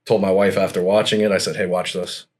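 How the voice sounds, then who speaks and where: A man's voice: sits low, level tone, quick pace, a little mellow. A man hosting a podcast, chatting in a friendly, laid-back way and calling his guest "man" often. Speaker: podcast host. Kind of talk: casual podcast chat.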